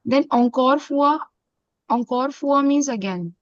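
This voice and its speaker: A woman with an Indian accent teaching a French class, mixing in Hindi and repeating phrases slowly. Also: sits high, dry recording. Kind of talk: online classroom lesson. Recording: dull, dry lo-fi sound.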